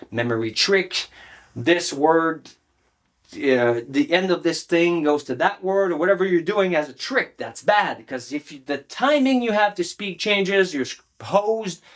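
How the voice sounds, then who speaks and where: A man teaching public speaking straight to camera, emphatic and animated, often checking in with the viewer. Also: high-pitched. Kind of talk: direct-to-camera coaching talk.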